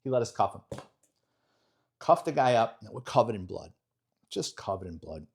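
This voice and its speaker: A man's voice: fairly low pitch, normal speed, gravelly. Blunt New man telling a story. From New York. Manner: animated, blunt, profane storyteller who acts out dialogue. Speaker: retired police detective, guest. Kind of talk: storytelling in a podcast interview.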